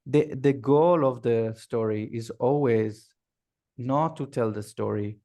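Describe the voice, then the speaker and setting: A man, a workshop facilitator, telling a folk tale slowly over a video call, repeating and searching for words. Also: mid-range voice, dark tone. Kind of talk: oral storytelling.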